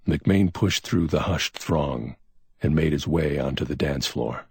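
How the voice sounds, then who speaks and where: A man reading pulp crime fiction as an audiobook narrator, steady and even. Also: rumbling low, measured pace, creaky, slightly rough, dry recording, clean studio sound.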